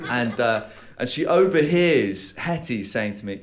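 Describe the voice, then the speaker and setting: A young man from London with a London accent, telling stand-up stories with hesitant fillers and deadpan delivery. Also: mid-range voice, unhurried, a little hiss or hum. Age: young adult. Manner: deadpan storytelling with hesitant fillers and bursts of put-on voices. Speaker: stand-up comedian. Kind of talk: stand-up comedy set. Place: comedy club stage with live audience. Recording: live room with loud audience laughter. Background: audience laughing.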